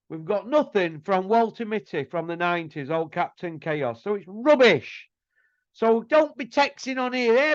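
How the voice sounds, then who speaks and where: A man rants in a blunt, scornful way, his voice sitting fairly high. The sound is dry and a little dull. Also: no room sound. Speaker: host. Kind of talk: casual ranting commentary.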